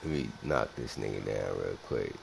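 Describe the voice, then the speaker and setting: A man's voice: extremely low pitch, moderate pace, vocal fry, slight background noise. A man in his thirties giving profane, teasing live commentary while playing a game for his stream chat. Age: 30s. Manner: profane, teasing, trash-talking. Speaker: gaming streamer. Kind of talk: casual gameplay commentary to chat.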